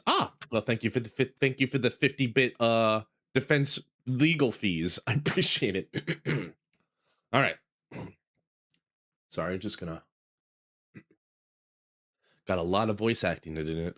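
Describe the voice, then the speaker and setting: A man's voice: lowish voice, fairly bright tone. A man chatting casually on a game livestream, rambling and joking at his own expense while greeting viewers. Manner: rambling, jokey and self-deprecating, greets chat. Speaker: game streamer.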